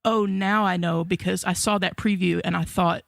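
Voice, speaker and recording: Man, podcast co-host, rambling storyteller, swears, dry close sound, quite high pitch. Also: fairly even intonation, normal speed, creaky, fairly bright tone, dry recording. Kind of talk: casual chat.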